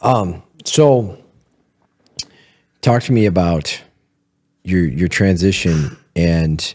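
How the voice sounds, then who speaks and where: A man hosting a podcast interview, asking halting questions and affirming the guest. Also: sits low, lively intonation, darkish tone. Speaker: podcast host. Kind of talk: casual interview.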